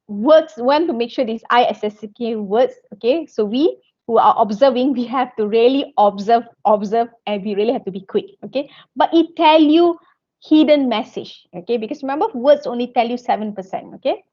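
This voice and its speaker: A woman's voice: a little high, darkish tone. A woman giving an online lecture, checking in with "okay" and "all right" all the time and often restarting her sentences. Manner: non-native phrasing, frequent restarts. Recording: dull lo-fi audio.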